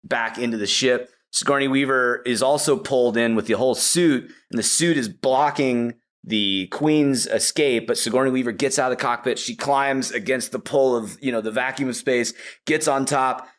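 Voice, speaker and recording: A man's voice: mid-range voice, moderate pace, hardly any pauses. A man on a podcast, eagerly retelling a movie plot in a casual way, full of "like" and "you know.". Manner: animated storytelling with many "like" and "you know" fillers. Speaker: podcast guest.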